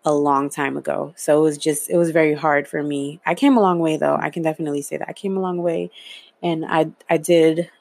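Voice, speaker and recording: A woman's voice: low voice, steady tone, fairly quick, gravelly, darkish tone, no room sound. A young adult woman casually telling a personal story, candid and loose, swearing freely with lots of fillers.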